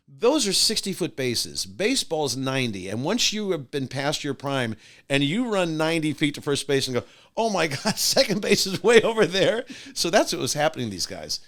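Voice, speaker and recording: An older man spins a long anecdote in a relaxed conversation. His voice rises and falls widely as he slips into the voices of the people he quotes. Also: mid-range voice. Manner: animated anecdote teller, acting out voices of others. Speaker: podcast guest, musician and radio host. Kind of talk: casual storytelling.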